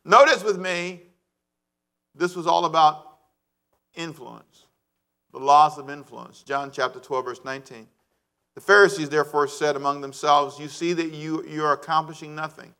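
A male pastor preaching a sermon, animated and calling on the congregation to answer back. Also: a little high, clean tone.

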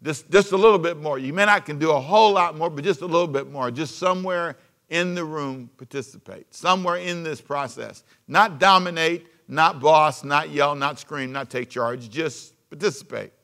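Gravelly bright-voiced male pastor preaching. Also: a little high, normal speed. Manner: preaching with sudden swings from loud emphasis to hushed asides. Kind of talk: sermon.

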